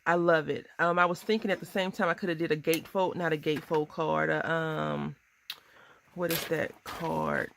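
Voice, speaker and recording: Low gravelly-voiced chatty woman crafter. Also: flat delivery, normal speed, a bit bright, slight background noise. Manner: chatty, bubbly, often laughing at herself. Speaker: crafting vlogger. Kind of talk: casual crafting tutorial chat.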